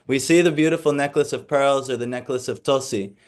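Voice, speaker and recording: In a medium-pitched voice that moves a little fast, a man runs a scripture class. He reads texts aloud steadily, comments on them casually with asides and fillers, and grows hesitant when it comes to reciting Sanskrit.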